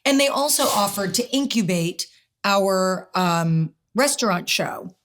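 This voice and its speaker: A middle-aged woman telling a personal story as an interview guest, lively and quick to act out what people said. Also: medium pitch, a little hiss or hum. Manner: animated storyteller, acts out quotes.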